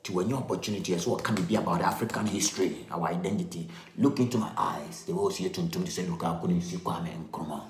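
A man, excitedly repeating and explaining rap lyrics, mixing in local words. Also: low voice, fast talker, hardly any pauses, a little hiss or hum. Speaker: reaction video host. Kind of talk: casual lyric breakdown over music. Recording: echoey room with music playing.

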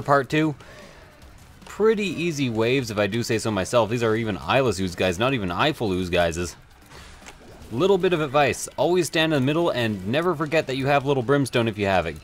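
A man commenting on his gameplay as a let's play host, in a rambling, offhand way with mild swearing. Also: mid-range voice. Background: faint game music.

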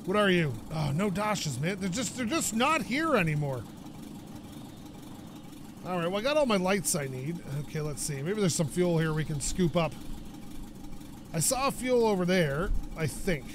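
Gaming host, male, from Canada, high voice, stuffy nose, rambling and chatty over game noise. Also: sing-song, moderate pace, long pauses. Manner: rambling, chatty, laughs often. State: stuffed-up, coughing from dust. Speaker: gaming YouTuber. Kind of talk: casual let's-play commentary.

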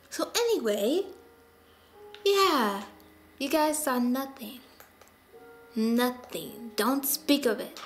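An excitable woman hosts her own gameplay video, chatting to viewers in a fairly high voice. She talks slowly, with long stretches of low muttering between her bursts of enthusiasm. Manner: excitable and chatty, drops to mutters while playing. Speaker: gaming channel host. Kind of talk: casual gameplay commentary.

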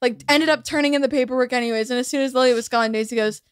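High-voiced young woman telling stories. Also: steady tone, rapid-fire, clear, resonant tone, no echo, studio quality. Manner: storytelling with laughing fits and quoted voices. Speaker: podcast guest. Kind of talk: casual chat.

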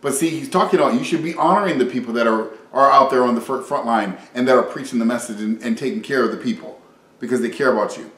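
A man preaching an informal sermon, reading scripture and retelling conversations in a lively, conversational way. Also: mid-range voice, fast, reverberant, poor audio.

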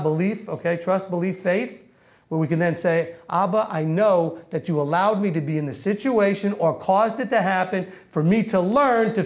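A man's voice: sits high, a little mellow. A man teaching a congregation of about a hundred and fifty people through a microphone, in a loose, conversational sermon with frequent self-corrections. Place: meeting room with about 150 people.

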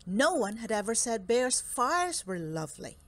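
A woman reading a children's picture book aloud with slow, expressive storytelling. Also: on the high side, no room sound. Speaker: storybook reader. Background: soft music.

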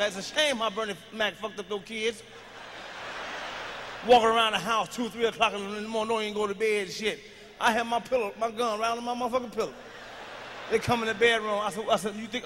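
Stand-up comic, man, very high and sharp voice, crude shouty rants, big hall reverb. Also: a little hiss or hum. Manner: profane, loud ranting with shouted bursts. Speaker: stand-up comedian. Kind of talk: stand-up comedy routine.

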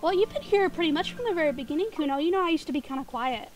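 A Southern woman from the Tennessee area of the southeastern US chats casually on a gaming stream. Her high voice is giggly and expressive, and she talks very fast, sometimes stuttering and tripping over words. She uses a desk microphone, with soft background music playing.

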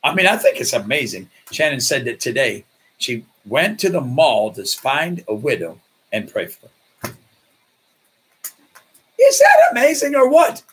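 A man's voice: mid-range voice, normal speed, breathy edge. A man preaching as pastor, telling stories and acting out the voices of people in them. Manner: animated, acts out voices in his stories. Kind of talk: sermon with storytelling.

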